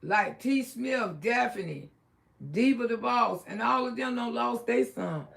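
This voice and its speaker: A middle-aged woman with a Southern US drawl talks straight into her livestream, blunt and outspoken. Her high voice has a heavy gravelly fry running all through it. She sinks to a low mutter and then climbs back up to loud exclaiming. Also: slow pace. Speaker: livestream host. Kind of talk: casual livestream commentary.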